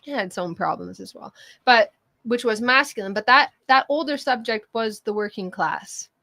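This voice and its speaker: A middle-aged woman co-hosting a casual political chat show, talking in an animated way, often laughing and sometimes swearing. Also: fairly high pitch, normal speed, gravelly, dry recording. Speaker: co-host.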